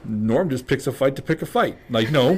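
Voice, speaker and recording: A man's voice: medium pitch, lively intonation, a little mellow, slight background noise. A man in his forties, a podcast host chatting and joking with slang. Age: 40s. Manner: chatty, joking, quick reactions, uses slang. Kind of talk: casual chat.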